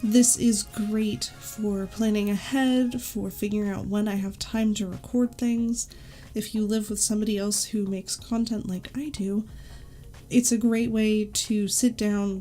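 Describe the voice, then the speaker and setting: Woman vlogger, casual and upbeat, mellow tone, recommends products with offhand asides. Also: mid-range voice, steady tone, measured pace, faint music behind. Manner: chatty, enthusiastic, self-correcting asides. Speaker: YouTube creator.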